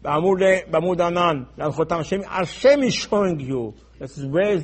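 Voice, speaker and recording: A man teaching in a sermon style, emphatic and repetitive, acting out dialogue, going from soft asides to loud urgent stresses. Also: fairly high pitch, expressive, normal speed, slightly rough. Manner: acts out dialogue in his teaching. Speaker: Torah teacher.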